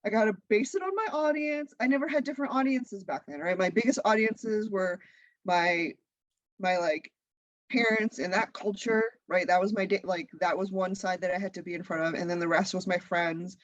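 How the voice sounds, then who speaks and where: A woman in her thirties, a guest chatting in a casual interview, lively and laughing often. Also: on the low side, normal speed, no echo, muffled recording. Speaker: guest, content creator.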